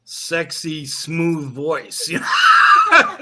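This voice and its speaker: A man's voice: on the high side, wildly swooping pitch, very slow, raised voice, very noisy. A man co-hosting a chatty interview over a video call, explaining things and laughing often. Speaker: co-host. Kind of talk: casual conversation.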